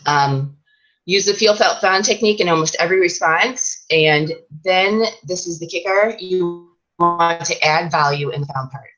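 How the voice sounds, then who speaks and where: A woman's voice: fairly low pitch, moderate pace, fairly bright tone, lo-fi sound, faint music behind. A woman fitness coach giving a casual, chatty training talk to her sales team, with plenty of fillers and restarts.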